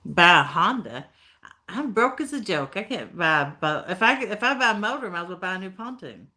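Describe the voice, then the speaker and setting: A woman's voice: medium pitch, animated, brisk, bright, forceful tone. A woman from Tennessee with an Appalachian accent, hosting a casual live stream, reading chat comments in folksy talk and laughing often. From Tennessee, USA. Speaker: livestream host reading chat.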